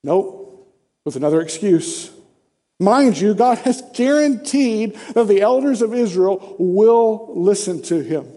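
A man with a high yet mellow voice preaches a sermon, talking it through conversationally and firing off rhetorical questions. His words ring out with a long reverb, as in a large church hall. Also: lively intonation, slow pace.

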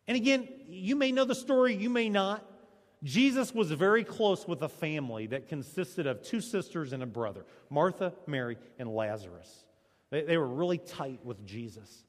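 A male pastor preaching a sermon, swinging between loud, emphatic lines and hushed ones. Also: fairly high pitch, lively intonation, moderate pace. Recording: long church reverb.

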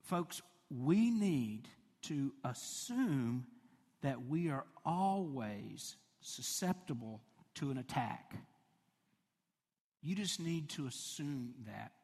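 A man's voice: mid-range voice, animated, slow pace, a little mellow, breathy edge. A middle-aged man preaching a sermon, telling stories in a chatty, conversational way and laughing along. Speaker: pastor. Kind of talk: sermon with personal storytelling. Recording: long hall reverb.

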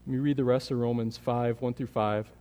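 A man preaching a sermon as pastor, earnest, building in energy and then dropping to a quiet, prayerful tone. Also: mid-range voice, fairly even intonation, a little fast. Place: church sanctuary. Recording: long hall reverb.

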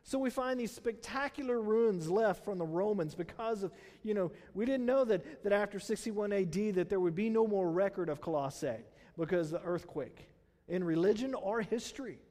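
A man preaches to his congregation in a loose, chatty way, throwing out rhetorical questions and leaning on fillers as he goes. His voice sits high for a man. The sound trails off into the long reverb of a large hall. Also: normal speed, warm tone. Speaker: pastor. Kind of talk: sermon.

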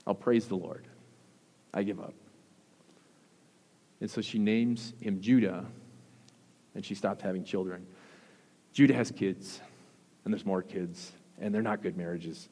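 A man preaching a sermon as pastor, earnest, with emphatic rises and soft, intense drops. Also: fairly low pitch, takes it slowly, long pauses. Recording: long hall reverb.

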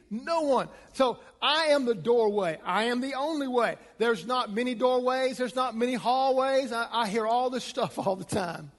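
A pastor with a high, light voice delivers an emphatic sermon, pressing his points with rising force. His words ring out with a long reverb, as in a large hall. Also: normal speed, hardly any pauses. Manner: emphatic, rising to a preaching pitch.

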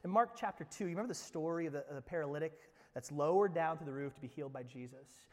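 A pastor preaching a sermon, swinging between loud emphatic lines and near-whispers, repeating words as he presses a point. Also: fairly high pitch, quick pace, few pauses. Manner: repeats words and restarts phrases when emphatic. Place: church sanctuary. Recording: long hall reverb from a church room.

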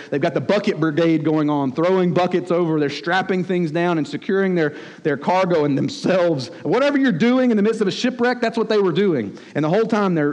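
A man preaching a sermon as pastor, telling a story with animated, acted-out rebukes. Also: fairly high pitch. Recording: long hall reverb.

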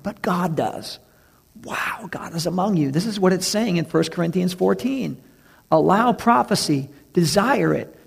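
Gravelly-voiced male preacher. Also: a little high, darkish tone. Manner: preaching with emphatic slow stresses and acted-out quotes. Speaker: pastor. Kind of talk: sermon.

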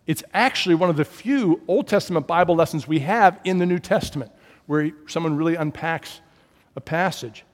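A man preaching a sermon as pastor, telling stories and swinging from loud emphasis to hushed, low tones. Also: moderate pace, long reverb tail.

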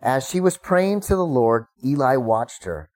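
A man's voice: mid-range voice, big pitch swings, unhurried, darkish tone. Conversational middle-aged man preaching. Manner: conversational preaching, acting out quoted prayers with rising emphasis. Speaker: pastor. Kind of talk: sermon.

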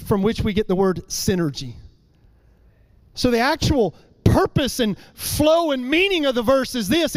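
High-voiced man preaching a sermon. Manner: emphatic, repeats phrases, slows for key lines.

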